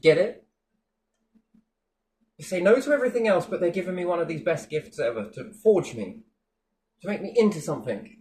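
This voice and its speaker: A man's voice: high voice, animated, normal speed, pauses often, darkish tone. A man delivering a mocking, sweary monologue with big sarcastic swings in tone.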